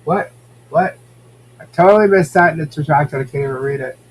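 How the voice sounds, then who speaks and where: A man's voice: fairly high pitch, fairly quick, slight background noise. A man hosting a casual podcast, chatting and reacting to viewer comments. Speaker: podcast host. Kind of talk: casual gossip chat.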